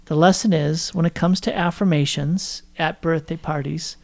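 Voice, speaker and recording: A man's voice: on the high side, fairly even intonation, normal speed, creaky, a little mellow. A man co-hosting a podcast, chatting casually and teasing his wife as he steers the story. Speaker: podcast co-host. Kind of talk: casual conversation.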